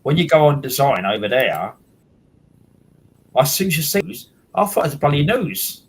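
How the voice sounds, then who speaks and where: A man's voice: a little high, very animated, normal speed, rough recording. A man, hosting a casual chat and rambling with many restarts and repeated words. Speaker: host.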